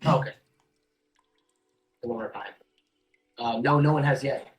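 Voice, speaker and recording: A man's voice: mid-range voice, steady tone, low-quality recording. Easygoing male game master. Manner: loose and halting, full of "um" and "like". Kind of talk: narrating a tabletop game.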